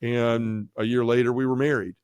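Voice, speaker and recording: A man's voice: moderate pace, smooth, dry recording. A man telling his life story as a podcast guest, acting out quoted dialogue and poking fun at himself, with lots of "you know" and "like". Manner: animated, acts out quoted dialogue with jumps in pitch; self-mocking humor, many fillers like "you know" and "like". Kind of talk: casual storytelling.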